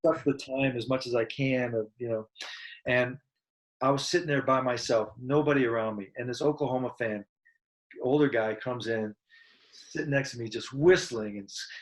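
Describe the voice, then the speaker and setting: A man's voice: mid-range voice, poor audio. Earnest man telling a personal story. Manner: earnest, reflective, animated when retelling. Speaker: guest musician. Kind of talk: casual interview storytelling.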